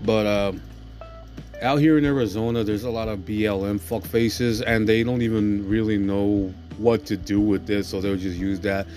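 A man's voice: fairly low pitch, steady tone, normal speed, a little mellow, faint music behind. A man hosting a podcast, ranting aggressively with constant swearing and asking "you know what I'm saying" again and again. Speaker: podcast host. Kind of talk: profane ranting monologue.

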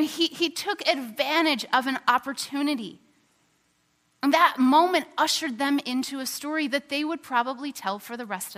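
A woman preaching a sermon in a chatty, storytelling way with lots of fillers, in a large hall. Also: fairly high pitch. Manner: conversational, animated, many fillers. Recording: long hall reverb.

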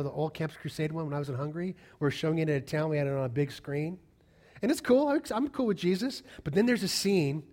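A middle-aged man preaching a sermon, telling stories and acting out the people in them. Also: on the high side. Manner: animated storytelling, acting out quoted voices. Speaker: pastor.

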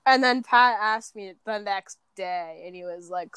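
A teenage girl chatting casually from her bedroom, her talk rambling, full of fillers, restarts and swearing. Her pitch sits mid-range, and the room sound is dry and close. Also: fairly even intonation, normal speed, clear, resonant tone, no echo. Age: teens. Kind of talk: casual chat.

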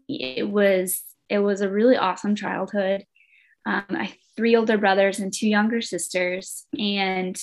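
A woman recounting her own story as a podcast guest. She speaks earnestly and from the heart, in a casual, conversational flow with a voice of middling pitch. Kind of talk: personal testimony in conversation.

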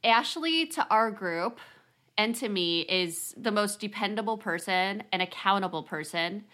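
A woman's voice: medium pitch, normal speed, bright, forceful tone. A woman co-hosting a podcast, chatting casually and animatedly with frequent laughs. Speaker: podcast co-host. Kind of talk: casual chat.

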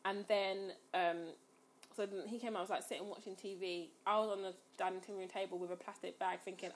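A woman's voice: medium pitch, fairly quick, background noise. A young woman telling a funny personal story in casual chat, laughing and acting out what she and others said. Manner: animated, laughing storyteller who acts out her own quotes.

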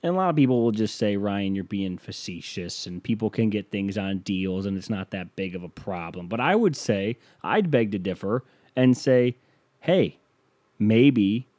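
A man's voice: on the low side, animated, unhurried, darkish tone, no room sound. A man hosting a podcast, delivering a sarcastic, ranting comedic monologue and acting out the people he quotes. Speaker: podcast host.

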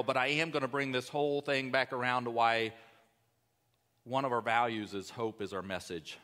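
Male pastor, bright forward tone, conversational sermon in a hall with a long echo. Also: fairly high pitch. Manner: conversational, emphatic preaching with asides.

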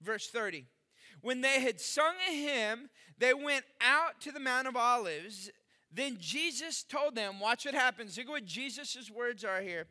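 A middle-aged male pastor preaching a sermon, animated and acting out the voices of the people in the story he reads. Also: extremely high pitch, a little slow.

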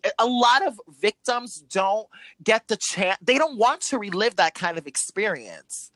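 A woman's voice: a little high, expressive, moderate pace, fairly bright tone, no room sound. A woman in a heated, profane casual chat, ranting angrily as a co-host.

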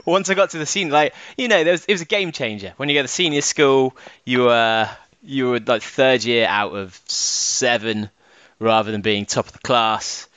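A man co-hosting a podcast in casual chat, laughing often and swinging between high and low. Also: normal speed, a bit bright, clean tone, dry recording. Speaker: podcast co-host.

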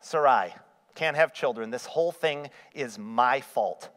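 A man's voice: medium pitch, a little slow, fairly bright tone, natural voice. A man preaching a sermon voices a despairing woman who blames herself, with long hall reverb. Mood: self-blaming. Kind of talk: acted quote in a sermon.

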